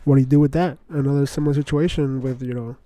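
A young man hosting a podcast, rambling excitedly in casual slangy chatter, full of "bro" and "like". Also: mid-range voice, fast, no room sound. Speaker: podcast host. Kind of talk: casual solo podcast talk.

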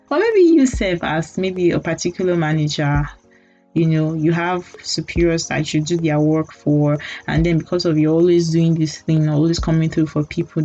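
A woman's voice: deep voice, dark tone. A young Nigerian woman hosting a casual solo podcast, talking candidly and teasing her listeners with mock apologies and laughing asides. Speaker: podcast host. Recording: dull lo-fi audio with faint music.

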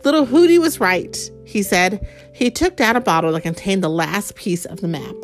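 A woman reading a picture book aloud to a child, gently explaining words and asking questions along the way. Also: mid-range voice, normal speed, faint music behind. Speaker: storyteller.

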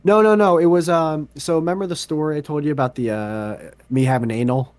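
A man co-hosting a podcast in casual chat, telling stories in an animated way and swearing freely. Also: a little high, fairly quick, dry recording. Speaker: podcast co-host.

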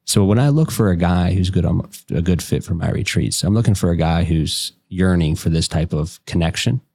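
A very deep, gravelly man with an Appalachian accent, from West Virginia. He talks in a loose, folksy way, full of double negatives and casual swearing, as he coaches and tells stories. The grit in his voice stays under every line. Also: a little mellow. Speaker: life coach and podcast guest. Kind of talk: casual conversation.

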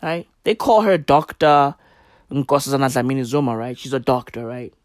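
A woman's voice: rumbling low, expressive, moderate pace, a little mellow, no echo, clean studio sound. A woman ranting in a brash, profane, slang-heavy comedic style. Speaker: comedic commentator.

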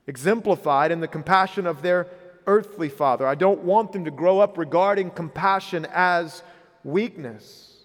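A man's voice: on the high side, a bit bright. A man in his thirties preaching a sermon as a pastor, earnest and rising in emphasis when he retells the story. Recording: reverberant hall.

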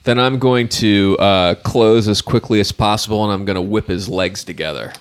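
A man's voice: on the low side, moderate pace, smooth. A man playing a tabletop game with friends, talking casually and joking around. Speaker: player.

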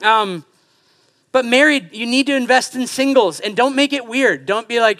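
A man in his thirties preaching a sermon in a church, animated and joking, acting out quoted voices as he goes. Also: very high-pitched, normal speed. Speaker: pastor. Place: church sanctuary.

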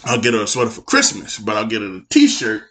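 A man's voice: on the low side, wildly swooping pitch, quick pace, bright, forceful tone. Joking man hosting a loose podcast. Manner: joking, teasing, playful banter. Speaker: podcast host. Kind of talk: casual chat.

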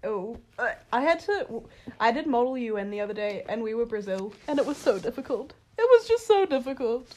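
A woman's voice: fairly high pitch, a little fast, a little mellow. A young woman co-hosting a podcast in casual chat, giggly and playful, telling little stories. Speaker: podcast co-host.

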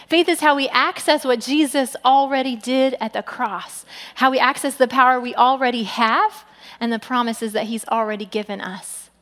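A woman pastor giving a sermon in an animated way, acting out quoted people with big jumps in pitch. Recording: long hall reverb.

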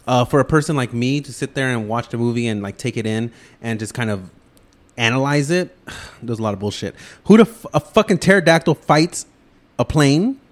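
A man's voice: mid-range voice, expressive, fairly quick. Blunt, profane man ranting about movies. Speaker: podcast co-host. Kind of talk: casual movie review chat.

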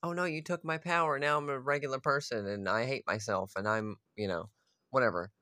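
A man's voice: mid-range voice, fairly even intonation, brisk, pushed and bright, no room sound, studio quality, natural voice. A man putting on a mocking parody voice of a smug, whiny female fantasy villain.

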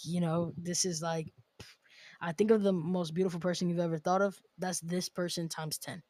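A woman's voice: on the low side, fairly even intonation, normal speed, warm tone, no room sound, studio quality. A woman hosting a podcast, chatting casually and animatedly, laughing often as she talks. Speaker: podcast host.

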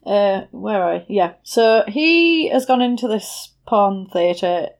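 Woman, casual film-chat co-host, lively retelling voice. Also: mid-range voice. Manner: chatty, retells scenes with quick voiced quotes. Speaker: podcast co-host.

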